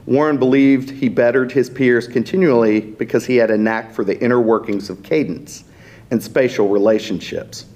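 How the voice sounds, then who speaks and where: A man's voice: medium pitch, fairly even intonation, moderate pace, a little mellow. Man reading a fantasy story aloud. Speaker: author reading his story.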